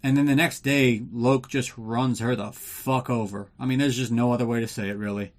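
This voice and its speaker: A man's voice: medium pitch, fairly even intonation, moderate pace. A man hosting a casual movie recap podcast, ranting and sarcastic with plenty of swearing, drinking while he talks. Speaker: podcast host.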